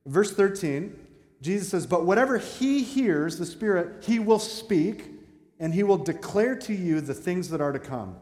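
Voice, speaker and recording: Conversational pastor in an echoey church. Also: male voice, high-pitched, animated, measured pace, darkish tone. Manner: conversational preaching with asides to the congregation. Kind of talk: sermon. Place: church sanctuary. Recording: echoey hall with long reverb.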